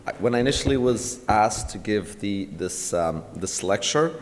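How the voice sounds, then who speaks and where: A man's voice: on the low side, lively intonation, moderate pace, noisy background. A middle-aged man from Portugal delivers an academic keynote, asking the room rhetorical questions with a wry edge. His voice moves animatedly up and down. It rings with the long reverb of a lecture hall.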